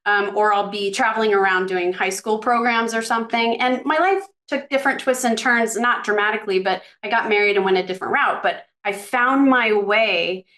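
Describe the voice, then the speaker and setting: A woman's voice: mid-range voice, normal speed, few pauses, fairly bright tone. Chatty woman in her fifties telling stories. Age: 50s. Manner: reflective, storytelling, chatty with restarts. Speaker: career transition coach and guest. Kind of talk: casual podcast conversation.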